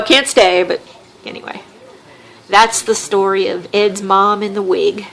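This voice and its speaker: Woman, Southern accent, casual storytelling, wry and animated, mid-pitched voice. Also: normal speed, creaky. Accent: Southern American. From American South. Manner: animated, wry storyteller who acts out quotes. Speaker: podcast host.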